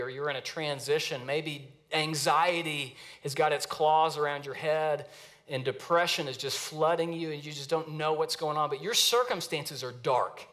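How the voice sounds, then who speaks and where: Male pastor, sermon delivery, earnest and dramatic, slightly high voice, given to restarts. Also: fairly bright tone. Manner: earnest, dramatic reading of scripture with many restarts.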